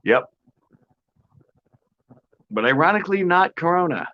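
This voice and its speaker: A man's voice: on the high side, sing-song, unhurried, muffled recording. A man hosting a live fishing stream from his porch, chatting casually with viewers, joking and sarcastic, with frequent laughs. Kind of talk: casual live-stream chat, reading comments.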